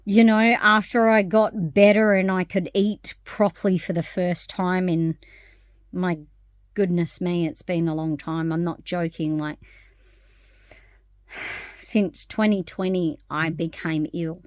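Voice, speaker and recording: Candid, lively woman vlogger, lowish voice. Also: slow pace, no echo. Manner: animated and candid, swears freely, laughs often. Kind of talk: casual personal monologue.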